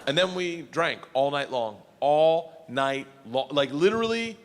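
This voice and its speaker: A man doing stand-up storytelling, loud and profane, with animated delivery and shouted punchlines. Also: fairly high pitch, unhurried, in a large hall, background noise. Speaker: stand-up comedian.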